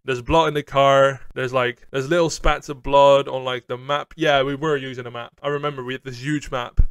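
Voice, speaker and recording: A young man casually telling a personal story, animated and swearing, with quoted asides. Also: mid-range voice, normal speed, clean tone. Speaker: storytelling streamer.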